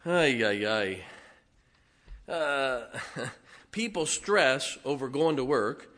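A man's voice: medium pitch, lively intonation, drawn-out words, a bit bright. A man preaching a sermon in a folksy, joking and emphatic way.

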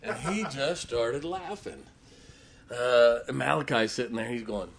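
Man preaching, from Ohio, middle-aged, folksy storytelling, loud emphatic bursts, easygoing asides. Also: mid-range voice, unhurried, gravelly, breathy edge. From Canton, Ohio. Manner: folksy, frequent fillers and restarts, chuckles. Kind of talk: storytelling sermon.

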